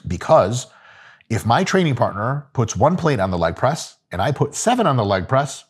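A man's voice: medium pitch, big pitch swings, normal speed, husky. A man giving casual, profane, joking coaching talk about gym training. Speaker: fitness coach.

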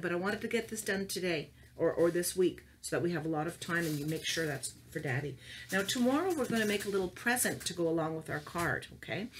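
A middle-aged woman leading a children's craft lesson, talking to small children in a sing-song, animated way. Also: medium pitch, husky. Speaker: preschool teacher.

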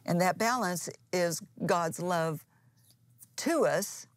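A woman's voice: fairly low pitch, slow, dry recording. A woman pastor and co-host giving a conversational Bible teaching in an earnest, plain-spoken way, restarting phrases as she explains.

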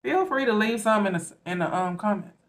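A woman's voice: medium pitch, fairly quick. A woman from the Southern US with a Southern accent, hosting an eating show and chatting casually between bites. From Southern United States. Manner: relaxed and chatty, talks between bites, says "y'all" often. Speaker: mukbang host.

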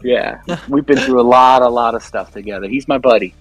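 A man, a guest musician, chatting casually in an interview and telling animated stories in a loose, profane way. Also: mid-range voice, fairly quick, over music, low-quality recording.

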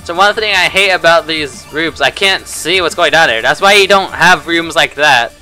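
A man commentating a let's play of custom game levels, muttering to himself and breaking into loud, swearing outbursts of frustration. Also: on the high side, normal speed, soft background music.

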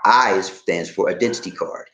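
A man's voice: low-pitched, normal speed, reverberant, slight background noise, low-quality recording. A middle-aged man hosting a casual livestream, reading out chat comments and giving advice in a folksy, laughing way. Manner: animated, laughing, folksy slang. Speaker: vlog host reading live chat.

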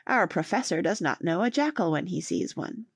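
A bold, cocky eldest son with a mocking, teasing tone, as a woman narrator puts him on. The voice has a raspy edge and sounds dry and close. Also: on the low side, expressive, normal speed, no room sound, full character voice.

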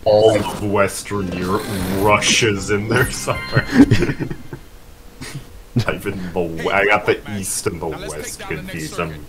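A man's voice: low voice, steady tone, slow, over music. A man making rambling, filler-heavy asides while friends play a video game. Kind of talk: casual gaming chat.

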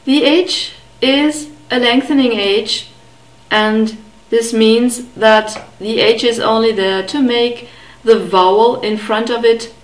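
A woman teaching a beginner language lesson, carefully modeling sounds and repeating words slowly. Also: a little high, reverberant, low-quality recording. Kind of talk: slow, deliberate pronunciation lesson.

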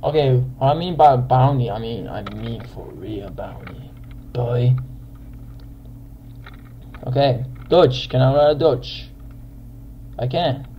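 A young man giving casual gameplay commentary as a channel host, excitable and quick to yell in frustration at other players. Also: medium pitch, highs cut off, a little hiss or hum.

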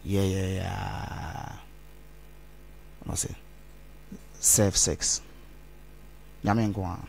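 A man's voice: deep voice, level tone, extremely slow, creaky, a little mellow, a little hiss or hum. A man, rambling as an interview guest and mixing Twi phrases into his English. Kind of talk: candid interview talk.

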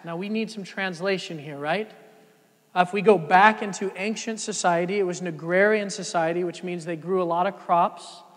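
Man, pastor, high voice, sermon, loud peaks and soft lows, long reverb of a church. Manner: dynamic preaching, swinging from loud emphatic peaks to soft low passages. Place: church sanctuary.

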